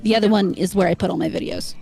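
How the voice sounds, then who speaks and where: A woman guesting on a casual podcast, speaking with dry, deadpan humor. Her voice is mid-pitched, with faint music in the background. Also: racing, creaky.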